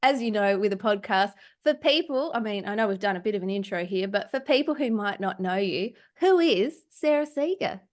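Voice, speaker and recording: A woman's voice: medium pitch, expressive, a little fast, hardly any pauses. An Australian woman hosting a podcast, chatting casually in a bubbly, effusive way and laughing often. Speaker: podcast host. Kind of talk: casual chat.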